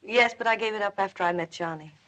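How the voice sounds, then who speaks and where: An actress playing a sweet, eager young bride in a 1930s film. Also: female voice, medium pitch, fast, a bit bright, natural voice. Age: young adult.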